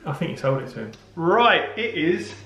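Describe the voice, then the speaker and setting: Middle-aged bloke telling a joke at home, kinda high, roomy and far off. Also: male voice, very animated, moderate pace, sharp tone, a little hiss or hum. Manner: chatty, rambling joke-teller. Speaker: vlog host. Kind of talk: casual storytelling to camera. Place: home, indoors.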